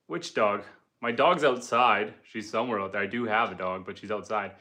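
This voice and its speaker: Bright-voiced homesteader chatting on a livestream. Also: male voice, lowish voice, a little slow. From Canada. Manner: easygoing, chatty, with frequent ums and uhs. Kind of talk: casual livestream chat, reading viewer comments. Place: indoors at home by a wood stove fire.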